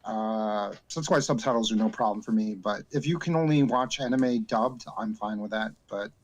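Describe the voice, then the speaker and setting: A man acting as a game master, chatting casually in a halting way, with many fillers and repeated starts. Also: lowish voice. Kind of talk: casual chat.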